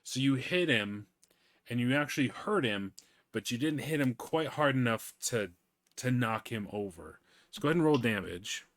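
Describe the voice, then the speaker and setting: A man's voice: mid-range voice, lively intonation, normal speed, a bit bright, dry recording. Man running a tabletop game. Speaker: game master.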